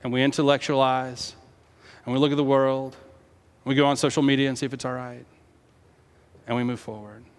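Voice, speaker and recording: In a large hall, a male pastor from the United States delivers an impassioned sermon, alternating quiet passages with raised, quoted lines. His medium-pitched voice is clear and resonant, though the delivery is flat and brisk with long pauses.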